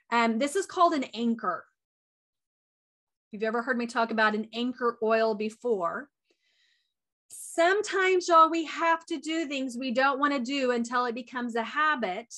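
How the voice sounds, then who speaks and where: A woman, giving a chatty, animated motivational talk as a wellness coach. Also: fairly high pitch. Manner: chatty and animated, says y'all a lot; talks fast.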